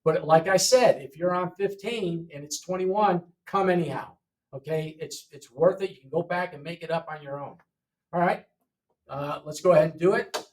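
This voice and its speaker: A man's voice: on the high side, moderate pace, far from the mic. A man teaching an English lesson. He repeats each word for learners and often checks in with "okay?". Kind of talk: classroom lesson walkthrough.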